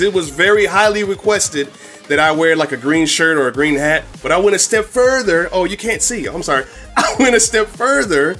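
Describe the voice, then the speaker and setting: A man hosting his own video channel, talking excitably and casually to camera with frequent laughs. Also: on the high side. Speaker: YouTube host. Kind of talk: casual vlog talk to camera.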